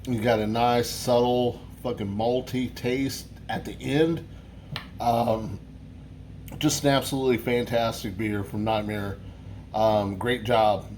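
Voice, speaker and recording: A man's voice: mid-range voice, fairly even intonation, slow, darkish tone, slight background noise. A man hosting a casual beer review vlog, rambling and swearing, with lots of restarts.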